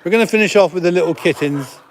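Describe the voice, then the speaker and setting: A chatty middle-aged man with a slightly high voice, talking casually outdoors on a farm. He giggles and slips into cooing baby-talk for the animals. Chickens and birds cluck in the background. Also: quick pace. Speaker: farm centre host. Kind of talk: casual live stream chat with animals.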